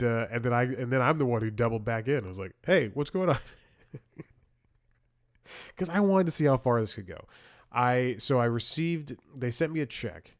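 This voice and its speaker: A man's voice: mid-range voice, no echo, studio quality. A man hosting a comedy podcast, telling a rambling story with lots of restarts and sarcastic asides. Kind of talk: casual comedic monologue.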